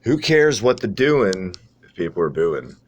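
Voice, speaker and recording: Deep-voiced man, sarcastic podcast host. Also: big pitch swings, a little slow, slight background noise. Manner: profane, sarcastic, rambling. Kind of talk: casual wrestling podcast chat.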